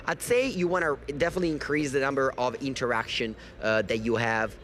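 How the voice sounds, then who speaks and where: A man giving lively, analytical live commentary on a card game match, correcting himself as he goes. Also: mid-range voice, brisk. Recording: faint background noise.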